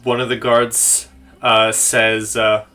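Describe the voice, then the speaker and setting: A man narrating as game master of a tabletop game, slow and hesitant with many fillers. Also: medium pitch, level tone, pushed and bright.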